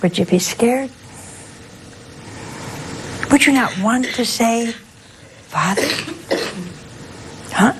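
A woman's voice: on the high side, slow, pauses often, slight background noise, low-quality recording. An older woman, a nun, giving a folksy sermon full of rhetorical questions and asides to her listeners. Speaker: nun preaching a talk.

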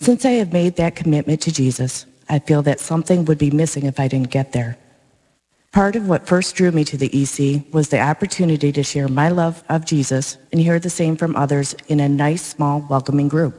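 A woman's voice: sits low, brisk, dark tone, husky. A woman from a parish evangelization commission giving her personal faith testimony to a congregation in an earnest, plain-spoken, heartfelt way. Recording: long reverb of a large church.

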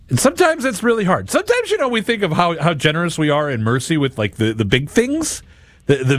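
A man with a slightly high voice, recorded in clean studio quality with no echo, hosts a daily gospel reflection. He speaks earnestly and directly to listeners, often repeating words.

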